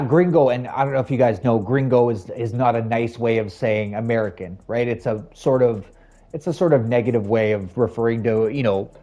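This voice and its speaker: A young man live streaming and chatting casually with viewers, rambling, laughing at himself and jumping into high voices for quotes. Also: mellow, highs cut off. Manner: rambling, self-mocking, laughs often, jumps pitch for quoted voices.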